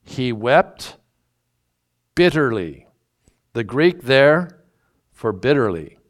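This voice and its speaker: Very animated and mid-range, a male pastor stretches his words as he teaches from a Bible passage during a sermon. His delivery is folksy and emphatic, lingering on key words.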